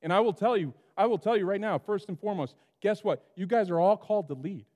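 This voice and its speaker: Male pastor, high voice, animated sermon delivery, long reverb of a church hall. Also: quick pace. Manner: animated preaching, acts out voices of the story.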